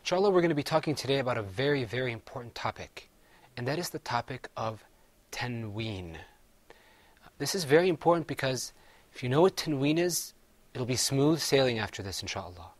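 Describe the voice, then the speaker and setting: A man's voice: mid-range voice, expressive, fairly quick. Patient man teaching recitation. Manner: patient, has students repeat words after him. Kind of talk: classroom recitation lesson.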